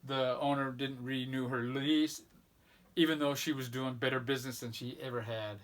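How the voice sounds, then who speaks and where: A man's voice: medium pitch, fairly even intonation, normal speed, fairly bright tone. A man casually showing records from his collection, rambling and enthusiastic as he lists off bands. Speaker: record collector vlog host. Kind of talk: casual record show-and-tell.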